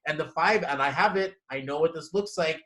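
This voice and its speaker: A man giving a casual one-on-one numerology reading, animated and quick to laugh. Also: on the high side, crowd noise, rough recording. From Canada. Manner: animated, laughs often, acts out inner voices. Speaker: numerology consultant.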